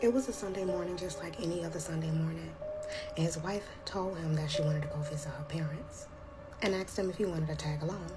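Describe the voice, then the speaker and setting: A woman telling a scary story in a casual, colloquial way, slipping into hushed whispers at the tense parts. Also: low-pitched, brisk. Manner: colloquial, chatty. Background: background music.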